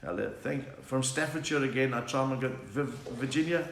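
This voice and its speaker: South African comedian telling stories. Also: male voice, medium pitch, a little fast, gravelly. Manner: chatty storytelling, slips into put-on accents and voices. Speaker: comedian reading viewer comments. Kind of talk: live-streamed stand-up chat. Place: room at home. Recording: echoey room, faint background noise.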